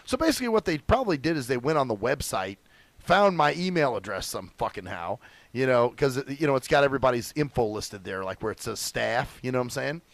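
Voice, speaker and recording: A young man hosting a radio show, telling stories in a profane, animated, chatty way. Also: medium pitch, brisk, gravelly, no room sound. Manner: profane, animated storytelling with acted quotes. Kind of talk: casual chat.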